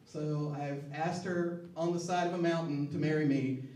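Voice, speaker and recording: A man in his thirties telling a personal story on stage in a relaxed, joking way, often laughing. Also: fairly high pitch, moderate pace. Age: 30s. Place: stage at a live storytelling show. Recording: echoey hall, distant mic, faint noise.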